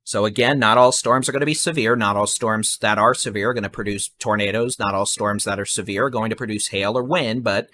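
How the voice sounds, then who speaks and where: A man giving fast, urgent live severe weather warnings and repeating safety instructions. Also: on the low side, steady tone, pushed and bright. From Texas.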